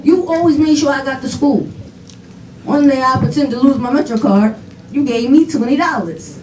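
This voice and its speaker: A daughter giving an animated eulogy at a funeral, telling laughing stories full of quoted dialogue. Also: female voice, high-pitched, moderate pace. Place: funeral home chapel. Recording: echoey hall, voice from far off, faint noise.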